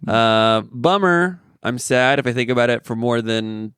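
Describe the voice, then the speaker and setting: A man's voice: mid-range voice, expressive, a little slow, fairly bright tone, clean tone, dry recording, studio quality. A man co-hosting a podcast in casual chat, telling rambling jokey stories. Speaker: podcast co-host.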